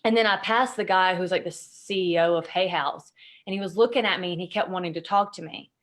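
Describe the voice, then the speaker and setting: Low-voiced woman, candid podcast guest. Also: brisk. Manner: emotional, swears freely, many fillers. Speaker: podcast guest, intuitive consultant. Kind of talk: candid conversational storytelling.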